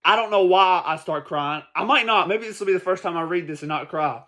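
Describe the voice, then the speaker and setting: High, bright-voiced ranting man. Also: brisk. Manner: emphatic, profane, repeats points for stress. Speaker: manga commentary vlogger. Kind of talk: casual ranting commentary.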